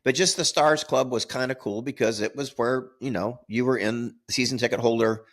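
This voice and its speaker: A man's voice: medium pitch, steady tone, normal speed. An older man telling a rambling story as a podcast co-host, repeating words and laughing at his own tale. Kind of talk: casual storytelling.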